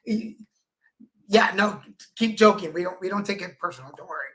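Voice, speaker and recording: A man co-hosting a relaxed livestream talk show, talking in a bright, clear voice. He tells long anecdotes, slips into the voices of the people he quotes, and laughs easily along the way. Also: high-pitched, fairly quick. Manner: chatty storyteller, acts out quoted people. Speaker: co-host. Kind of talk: casual livestream chat.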